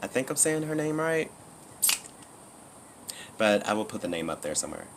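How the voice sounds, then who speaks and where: Male vlogger, deep low voice, casual and rambling, faint AC hum behind. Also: sing-song, normal speed, vocal fry. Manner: rambling, candid, many fillers and restarts. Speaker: YouTuber. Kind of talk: casual personal vlog.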